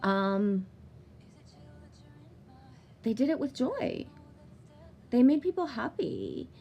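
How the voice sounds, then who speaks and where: A woman's voice: fairly high pitch, big pitch swings, very slow, gravelly, mellow, lo-fi sound, a little hiss or hum. A woman in her thirties telling a long personal story in a chatty vlog, swearing freely and using many fillers. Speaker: vlogger. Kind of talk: casual storytelling monologue.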